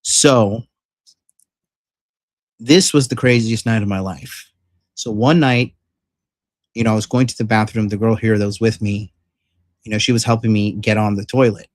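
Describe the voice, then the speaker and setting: A man with a lowish voice telling a story straight to camera, swearing freely and circling back with fillers and restarts. He speaks frankly and with emphasis. The sound is dry and close, with no room echo. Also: fairly even intonation, moderate pace, pauses often. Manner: rambling, profane, filler-heavy retelling. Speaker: vlogger. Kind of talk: casual storytelling vlog.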